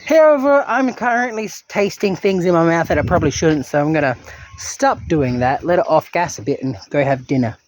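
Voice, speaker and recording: A man's voice: fairly high pitch, fairly quick. A young man, rambling through a dry, self-mocking video diary. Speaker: vlogger.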